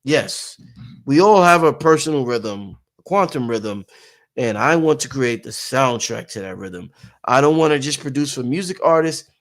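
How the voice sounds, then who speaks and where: Animated man with a rhythmic casual delivery. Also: normal speed. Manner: animated, sings and shouts snippets, trails off into low musing. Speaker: show host and producer. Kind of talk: casual monologue to viewers.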